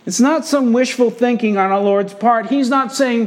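Male preacher with a high voice, emphatic sermon delivery, repeats lines for stress. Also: moderate pace, few pauses. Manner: emphatic, repeating key phrases. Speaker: pastor.

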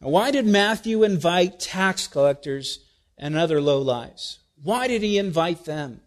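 High-voiced man preaching a sermon. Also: unhurried. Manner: expressive, rhetorical questions, wide swings in loudness.

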